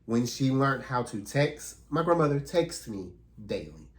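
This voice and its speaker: A man's voice: medium pitch, big pitch swings, a little slow. A man talking earnestly and reflectively in a casual, heartfelt conversation as a podcast co-host.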